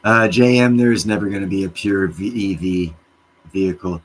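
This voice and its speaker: A man hosting a livestream, chatting with viewers in a rambling, profane, excitable way and jumping from topic to topic. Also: deep voice, moderate pace, low-quality recording. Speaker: livestream host answering chat. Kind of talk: casual rambling rant.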